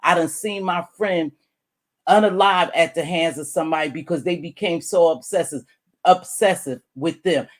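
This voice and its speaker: A middle-aged woman YouTube commentator talks straight to the viewer in a vlog, blunt and animated at a moderate pace. When she drives a point home her voice swings high and loud, and she calls the listener "baby" and curses freely.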